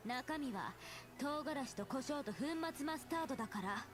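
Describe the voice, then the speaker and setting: In a game scene with music behind, a high, bouncy girl soldier who chatters quickly. Her pitch leaps around as she cheerfully suggests dire things. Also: lively intonation. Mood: impish.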